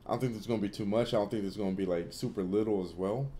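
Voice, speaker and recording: A young man hosts a laid-back livestream Q&A, answering viewers with blunt, opinionated takes and loose, rambling filler. His voice sits low, and its tone is dark and mellow. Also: racing, a little hiss or hum. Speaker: livestream host answering chat. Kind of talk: casual Q&A livestream chat.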